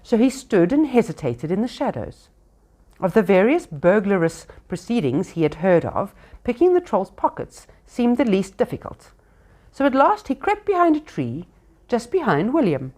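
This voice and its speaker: A woman reading a storybook aloud to children, expressive and unscripted, with small slips. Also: mid-range voice, normal speed. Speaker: reader to children.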